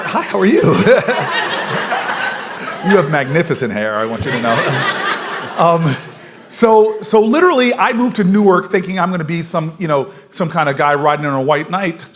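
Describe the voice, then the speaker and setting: An American man in his forties, his voice a little high, tells stories with energy as a political speaker at a forum. He laughs often and moves around the room as he speaks.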